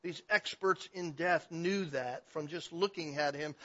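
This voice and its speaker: A man preaching a sermon in an animated way, swinging between loud emphasis and quiet passages. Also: on the high side, normal speed, hardly any pauses. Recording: dull lo-fi recording.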